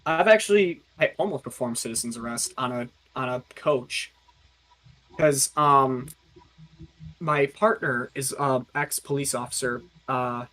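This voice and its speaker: A young man, a baseball umpire, telling stories on a casual podcast in an animated way and acting out the quotes. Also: medium pitch, a little slow. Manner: animated, acts out quotes in character voices.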